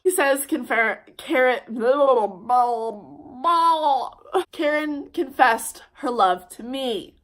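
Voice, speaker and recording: Young woman, storytime vlogger; bright, fired-up delivery, cursing freely, quick bursts. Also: a little high, lively intonation. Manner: heated, swearing, fast bursts. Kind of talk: storytime vlog.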